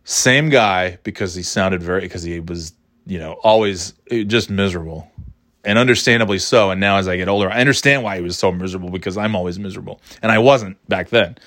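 Man, 40s, low-ish voice, dry recording; rambling self-deprecating storyteller. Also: a little fast, fairly bright tone, no room sound. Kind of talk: casual anecdote.

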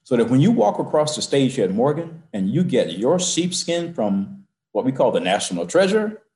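A man's voice: medium pitch, very animated, normal speed, darkish tone, echoey room. A university president, a man, telling a personal story in an interview from his office, building to emphatic peaks.

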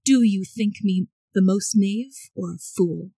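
A reckless young gentleman of the old gentry, tipsy and insistent, pressing his case with theatrical urgency, as a woman reads him aloud. The voice sits at an ordinary middle pitch, and the recording is close and dry. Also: takes it slowly, dry recording. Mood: urgent. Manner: dramatic period-novel reading. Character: brash charming young gentleman rake, drunk.

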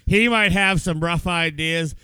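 Bright, clear-voiced man on a podcast. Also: a little high, measured pace, no echo. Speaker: podcast co-host. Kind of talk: casual chat.

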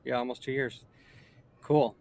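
A man hosting a podcast interview, relaxed and loose, with many fillers. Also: medium pitch, measured pace, gravelly. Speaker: podcast host.

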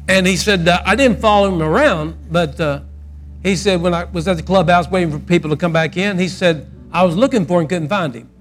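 Man, preacher, animated storytelling, loud outbursts then soft, higher voice. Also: fairly quick, soft background music. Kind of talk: sermon storytelling.

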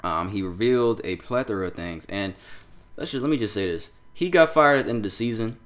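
A young man with a fairly low voice hosts a casual sports podcast. He talks loosely and with energy, cursing freely as he runs through the day's football news. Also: fairly quick. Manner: loose, animated, swears freely, reads texts aloud. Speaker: podcast host.

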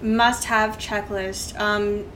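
A woman's voice: mid-range voice, level tone, drawn-out words, a bit bright, a little hiss or hum. A woman being interviewed on a podcast, speaking frankly and casually with frequent laughs. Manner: frank, laughs often, fillers like "like". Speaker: podcast guest.

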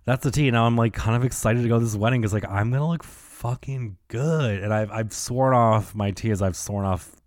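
A man's voice: lowish voice, fairly even intonation, fast talker, hardly any pauses, no echo, clean studio sound. A man hosting a podcast alone, telling a story in a loose, campy way and saying "like" constantly. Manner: chatty, heavy on "like", campy slang. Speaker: podcast host. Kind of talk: casual solo storytelling.

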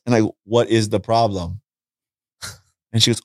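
A man talking casually on a podcast, an animated storyteller who acts out conversations and repeats his points. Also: lowish voice, fairly quick, no room sound, clean studio sound. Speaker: podcast guest, street preacher. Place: podcast studio.

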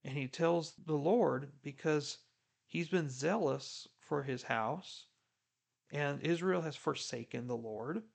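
A man's voice: mid-range voice, vocal fry. A man giving earnest devotional commentary on a Bible reading, preacherly and encouraging. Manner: earnest, preacherly, drops to a hush for God's quoted words.

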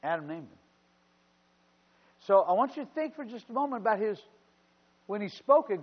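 A man's voice: high-pitched, very animated, brisk, long pauses, in a large hall. A man preaching a sermon as pastor, calling out to his congregation. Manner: preaching with call-outs to the congregation. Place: church. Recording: dull lo-fi sermon recording.

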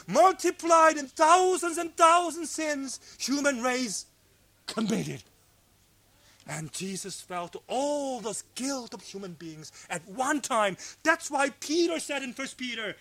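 A pastor preaching a sermon at a fellowship meeting, swinging from loud cries to hushed low tones, in English that is not his first language. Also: big pitch swings, slow pace, no echo.

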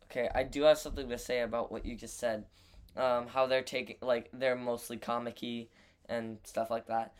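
A man's voice: mid-range voice, level tone, normal speed, smooth. A man co-hosting a casual podcast chat, often pulling the talk back on topic. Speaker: podcast co-host.

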